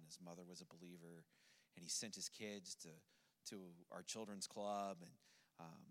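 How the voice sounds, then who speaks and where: Male pastor, very deep and monotone voice, earnest and measured. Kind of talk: sermon with a personal story.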